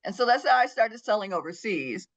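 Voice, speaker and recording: A middle-aged woman, guesting on a podcast, tells a story in an interview and acts out the voices of the people in it. Her mid-range voice is sing-song and a little fast, and the recording sounds dull and lo-fi.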